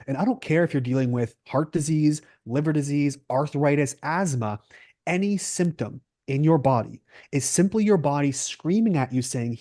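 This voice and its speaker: A man's voice: fairly high pitch, animated, brisk, mellow, no echo, studio quality. A Canadian man, a holistic nutritionist, speaking as a guest in a podcast interview and talking emphatically with rhetorical questions.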